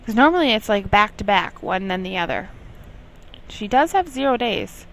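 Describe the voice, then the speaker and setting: A woman's voice: mid-range voice, expressive, normal speed, creaky, slight background noise, low-quality recording. Chatty woman scolding her game characters. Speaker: gameplay commentator. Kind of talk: casual let's play commentary.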